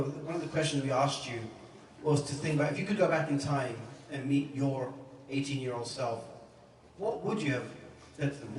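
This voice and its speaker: A man emceeing speeches at a home party, rambling and self-mocking with lots of fillers. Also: mid-range voice. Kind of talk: casual speech introducing speakers. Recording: roomy, distant, faint noise.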